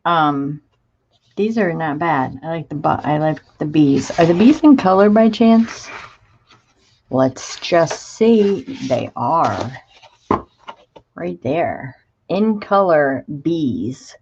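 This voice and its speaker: A woman's voice: low voice, lively intonation, slow pace, darkish tone, highs cut off, a little hiss or hum. A woman hosting a crafting livestream, chatting casually and gushing as she greets viewers by name and shows craft supplies. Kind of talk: casual live chat while showing craft supplies.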